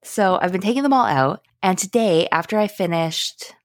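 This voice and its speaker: A young woman co-hosting a podcast, chatting casually and telling animated stories about her day. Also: mid-range voice, moderate pace, no room sound, studio quality. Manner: chatty, animated storytelling with frequent laughs. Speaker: podcast co-host. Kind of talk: casual chat.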